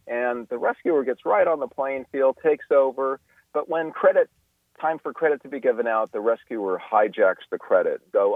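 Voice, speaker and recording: A man's voice: mid-range voice, normal speed, no echo. Man explaining over a tinny phone line. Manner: explanatory, with frequent restarts and fillers. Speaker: guest expert. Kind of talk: radio interview. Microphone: telephone.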